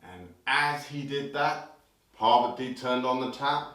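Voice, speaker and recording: A man hosting a children's show, telling a story playfully and breaking into sudden shouts, heard in an echoey room from a distance. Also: mid-range voice, unhurried. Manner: animated, leaps into loud sudden shouts for scares.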